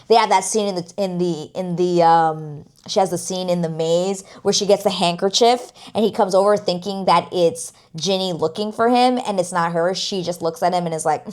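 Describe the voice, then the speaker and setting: A woman reviewing a TV series in casual chat, gushing and expressive, swearing freely and acting out the characters' lines. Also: on the low side, moderate pace. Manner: gushing, expressive, profane, acts out quotes. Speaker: TV review vlogger.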